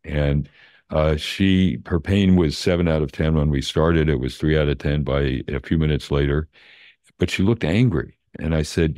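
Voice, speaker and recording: An older man, a neuroscience professor, calmly explaining brain science in plain terms during a conversation. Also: a bass voice, moderate pace, dry recording, clean studio sound.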